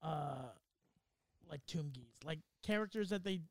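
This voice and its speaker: Man, podcast guest, gravelly, halting jokes, dry sound. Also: a little high, dry recording. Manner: halting, chiming in with short jokes. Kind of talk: casual comedic chat.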